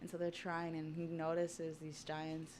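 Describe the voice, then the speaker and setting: A young adult woman livestreaming as she reacts to a manga, chatty and excitable, with casual swearing. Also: low-pitched, a little slow, slight background noise. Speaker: streamer.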